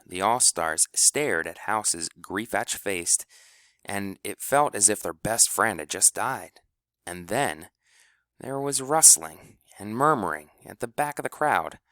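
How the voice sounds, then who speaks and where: A man narrating an audiobook with expressive storytelling. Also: lowish voice, measured pace, no room sound, clean studio sound.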